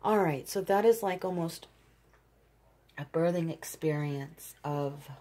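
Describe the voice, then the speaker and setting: A woman's voice: deep voice, slow pace, warm tone. A woman giving an intuitive tarot reading to her viewers, earnest and emphatic, often stopping to search for words. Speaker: tarot reader.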